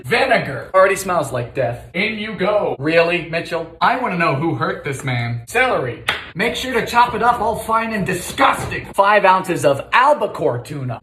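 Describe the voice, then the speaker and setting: A young man hosting a comic baking video, with deadpan asides and sudden shouts, in a home kitchen. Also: fairly high pitch, echoey room. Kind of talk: comedic cooking narration.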